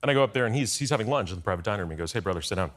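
A man guesting on a talk show, telling lively stories in quick bursts. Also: lowish voice. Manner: lively storyteller, quick asides. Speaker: guest, former speechwriter.

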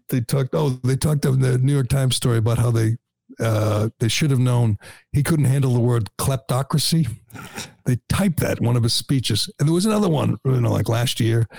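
A man's voice: medium pitch, gravelly, a little mellow, no echo, studio quality. A male host talking casually and wryly, laughing often. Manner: chatty, wry, laughs often. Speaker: show host. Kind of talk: casual political talk.

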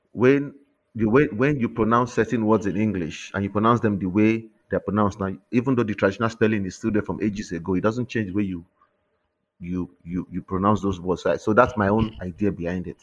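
A man with a Nigerian accent, an author talking in an interview with lively, repeating restarts. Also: fairly low pitch, dull audio. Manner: animated, repeats words when restarting. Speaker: author and guest. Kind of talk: interview conversation.

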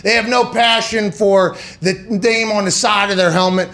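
A man's voice: high voice, fairly even intonation, normal speed, sharp tone. A man hosting a sports talk show. He rants in a sarcastic, profane way and slips into mocking voices. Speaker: podcast host.

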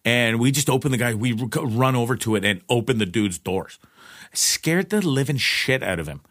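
A man telling a personal story in casual, profane speech, with lots of restarts and an animated delivery. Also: normal speed, no echo, clean studio sound. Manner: profane, rambling, restarts often; animated retelling, pitch jumps in quoted lines.

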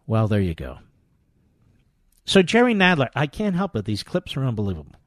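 An older man hosting a talk radio show, delivering a combative, sarcastic monologue that swings between loud jabs and quiet asides. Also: mid-range voice, huge pitch swings, normal speed, no room sound, studio quality.

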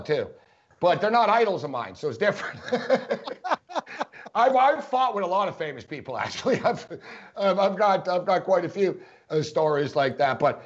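A man co-hosting a casual sports podcast, telling rambling stories with plenty of fillers. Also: high-pitched. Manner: rambling storyteller, lots of fillers. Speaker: co-host. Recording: dull lo-fi podcast audio.

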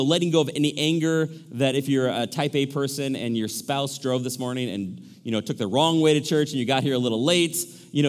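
Male pastor, fairly high voice, lively delivery that acts out characters, big church reverb. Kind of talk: sermon. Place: large church hall. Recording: echoey church hall.

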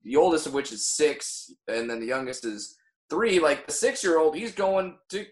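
A man's voice: fairly high pitch, normal speed. Rambling, riffing podcast man. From Orange County, California. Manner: rambling, stammering restarts, riffing bits. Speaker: podcast host. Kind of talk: casual comedy podcast banter.

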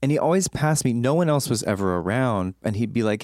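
Animated man telling stories, low voice. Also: fast talker, hardly any pauses, no room sound, studio quality. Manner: animated storyteller, often jumping up high in pitch. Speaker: podcast guest. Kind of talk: casual chat.

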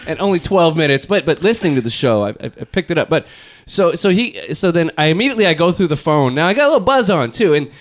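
A man's voice: a little high, big pitch swings, fast talker, hardly any pauses. A man hosting a comedy podcast in casual banter, joking and doing impressions of people. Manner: jokey, does impressions of people. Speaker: podcast host.

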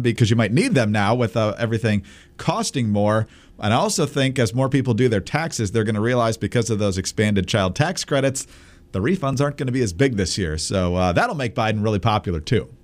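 A man's voice: medium pitch, expressive, a little fast. A man co-hosting a political talk show in a dry, sarcastic way. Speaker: podcast co-host. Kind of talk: casual political commentary.

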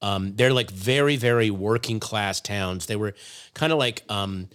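A man hosting a podcast in casual chat, rambling and halting with plenty of ums. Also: on the low side, a bit bright. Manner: rambling, halting with many fillers. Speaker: podcast host.

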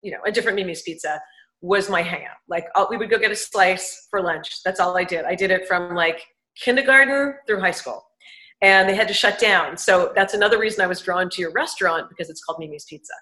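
A woman from Manhattan co-hosts a casual interview, chatty and enthusiastic, her voice bright and sharp. The sound is echoey, like a hard-walled room. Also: on the low side, fairly quick. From Upper East Side, Manhattan. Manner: chatty, laughs often, enthusiastic. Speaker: show co-host.

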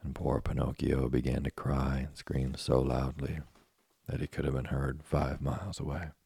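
A man reading a children's book aloud in a steady, plain way. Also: very deep voice, moderate pace, creaky, breathy edge, no echo. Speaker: storyteller.

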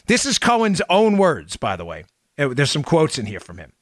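Male talk host, sarcastic and mocking, pitched a little high, swings from loud jabs to quiet asides. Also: huge pitch swings, moderate pace, no room sound, clean studio sound. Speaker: political talk show host. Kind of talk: opinionated commentary.

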